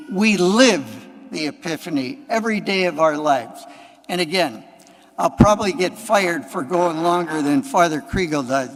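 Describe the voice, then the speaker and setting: High-voiced priest preaching in an echoing church. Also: male voice, a little hiss or hum. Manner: plain conversational preaching with repeated phrases and offhand asides. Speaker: Catholic priest. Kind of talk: homily. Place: large church. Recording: long echo of a church hall.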